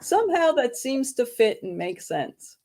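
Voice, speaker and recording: A woman hosting a casual interview, chatty and quick to laugh, wrapping up with her guest. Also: fairly high pitch, sing-song. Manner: warm, laughs easily, chatty. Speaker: podcast host.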